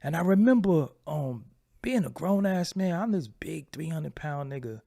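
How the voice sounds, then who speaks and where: A man speaking candidly to his audience, telling a personal story in a halting, profane way with many repeated phrases. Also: a little high, animated, vocal fry, warm tone. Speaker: channel host.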